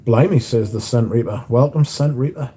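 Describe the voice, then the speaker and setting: A man's voice: mid-range voice, normal speed, dark tone, a little hiss or hum. A man hosts a livestream from home, reading out viewers' chat and bantering back in a laid-back way with casual swearing. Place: indoors at home.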